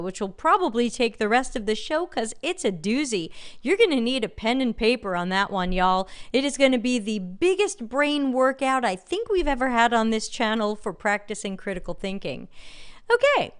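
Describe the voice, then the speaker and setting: A woman's voice: on the high side, clean tone. A woman with a light New York accent hosting a live stream, reading out chat comments and giving blunt, sardonic commentary. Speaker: livestream host.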